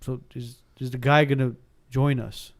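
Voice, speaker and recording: This is a man in his thirties with a mid-range voice and moderate pace, sharing a ghost story on a casual podcast. Animated throughout, he acts out the dialogue and often backs up to restart what he's saying.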